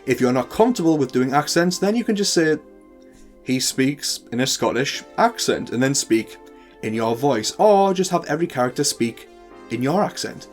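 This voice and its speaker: Northern english guy explaining stuff for his channel, animated up and down voice, faint music under it. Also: medium pitch, normal speed. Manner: chatty, playful asides. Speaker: host. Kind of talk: tutorial talk to camera.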